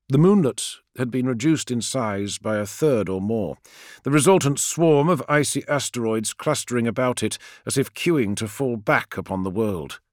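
A man reading a science-fiction novel aloud as narrator, with expressive storytelling delivery. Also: mid-range voice, no echo, clean studio sound. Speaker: audiobook narrator. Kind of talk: scripted narration.

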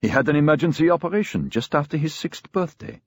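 A man voicing a gentle older father who speaks softly and gravely. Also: on the high side, expressive, fast talker, no echo, voice pushed up.

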